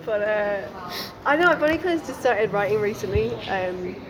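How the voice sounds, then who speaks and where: A woman's voice: mid-range voice, expressive, moderate pace, poor audio. A young woman from Essex with an Irish-tinged accent, a guest chatting casually with many "likes" and "ums" in a library café. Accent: Irish-tinged English. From Essex, England. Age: young adult. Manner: casual, says "like" and "um" often. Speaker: guest writer. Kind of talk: casual interview chat. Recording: busy café crowd behind.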